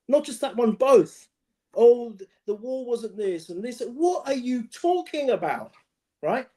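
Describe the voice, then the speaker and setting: A man co-hosting a casual football podcast, talking in an excitable, emphatic way. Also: high voice. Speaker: podcast co-host.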